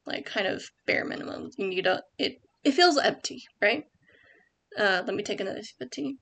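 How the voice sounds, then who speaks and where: A woman's voice: medium pitch, brisk, vocal fry, fairly bright tone. A young woman at home giving casual writing tips over a screen share, rambling with many ums and likes and correcting herself as she goes.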